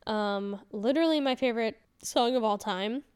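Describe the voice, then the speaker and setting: A woman's voice: on the high side, moderate pace, smooth. A woman in her thirties hosting a casual solo podcast, rambling candidly with fillers and self-corrections. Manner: chatty and candid. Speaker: podcast host.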